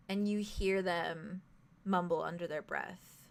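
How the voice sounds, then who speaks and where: A young woman narrating as game master in a tabletop game, halting, with many fillers and giggles. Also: on the low side, steady tone, vocal fry.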